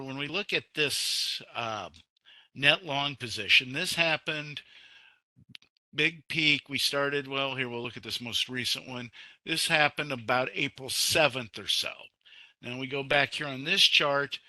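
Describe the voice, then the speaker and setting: A man giving market commentary in a webinar, walking through price charts step by step in a measured way. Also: mid-range voice, pushed and bright, dry recording. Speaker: market analyst.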